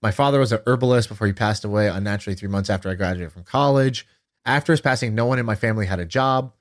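Animated man telling a story. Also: fairly low pitch, very fast. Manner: animated storytelling, acts out quoted voices. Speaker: podcast co-host. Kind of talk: casual chat.

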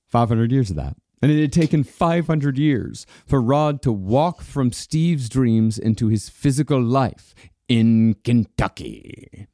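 A man's voice: medium pitch, slow pace, no room sound, clean studio sound. A man co-hosting a podcast, telling a story in a casual, profane way and laughing often. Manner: animated, swears freely, laughs often. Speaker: podcast co-host narrating a story.

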